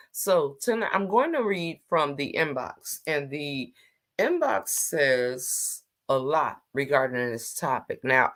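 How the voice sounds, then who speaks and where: Low-voiced woman hosting a casual livestream. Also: pushed and bright. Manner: chatty, teasing, greets viewers by name. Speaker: livestream host.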